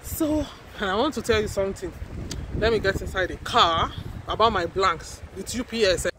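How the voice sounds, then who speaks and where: A woman chatting casually on her vlog, excitable and full of storytelling asides, first from a car and then at home in a small office, recorded on a handheld phone. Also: mid-range voice, normal speed, noisy background. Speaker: vlogger.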